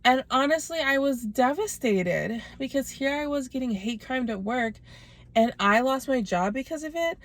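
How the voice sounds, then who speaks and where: Chatty young woman vlogger with slight vocal fry. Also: high voice, lively intonation, normal speed. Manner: chatty, lots of "like" fillers. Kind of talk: casual storytelling to camera.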